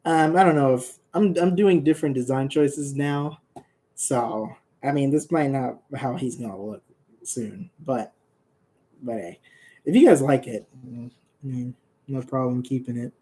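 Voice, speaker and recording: A man's voice: medium pitch, measured pace, mellow. A young man casually chatting on a livestream about his comic characters, rambling, joking and laughing often. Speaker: comic creator streaming.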